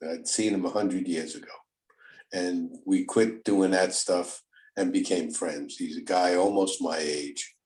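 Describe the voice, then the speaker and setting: A man's voice: deep voice, steady tone, a little slow, darkish tone, rough recording. An older man hosting a podcast as a therapist, talking in a rambling, folksy way and often repeating words. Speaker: host, therapist. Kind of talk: casual podcast chat.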